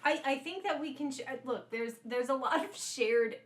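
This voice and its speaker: A woman chatting casually on a podcast, playful and quick with asides, laughing often. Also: sits high. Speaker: podcast guest. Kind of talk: casual chat.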